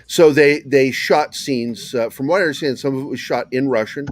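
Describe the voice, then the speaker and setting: A man with a neutral American accent rambles through a casual podcast chat, full of fillers and blunt swearing. His pitch sits in an everyday middle range. The sound is dry and close, with no room echo. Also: brisk. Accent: neutral American, Southern slips when tired. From small town in Virginia, US. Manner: rambling, profane, many fillers. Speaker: podcast co-host.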